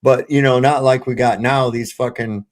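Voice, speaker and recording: A man's voice: mid-range voice, steady tone, normal speed. A man ranting sarcastically on a panel in casual chat, swearing freely.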